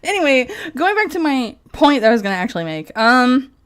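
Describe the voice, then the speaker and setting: A woman's voice: high voice, big pitch swings, fairly quick, clear, resonant tone. A woman streamer in casual live-stream commentary, rambling and profane, laughing often as she talks.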